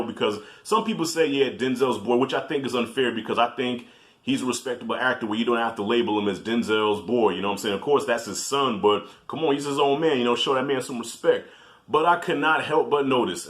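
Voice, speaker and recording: A man reviewing a film in a casual vlog, telling animated stories, swearing freely and addressing viewers directly. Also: mid-range voice.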